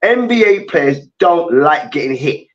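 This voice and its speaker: A man's voice: a little high, sing-song, measured pace, recorded from a distance, dull audio. A man co-hosting a heated sports debate, ranting animatedly with lots of slang and swearing. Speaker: co-host.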